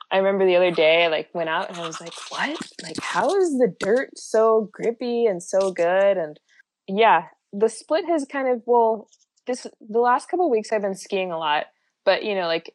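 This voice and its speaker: A young woman with a medium-pitched voice and no echo chats casually as a guest on a podcast. She laughs often and fills her speech with plenty of likes and ums.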